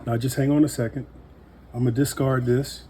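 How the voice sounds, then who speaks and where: Easygoing guy showing knife skills, mellow dark voice, faint noise behind. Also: mid-range voice, fairly quick. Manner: relaxed, folksy, joking asides. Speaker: home cook demonstrating knife skills. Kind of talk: casual cooking demonstration.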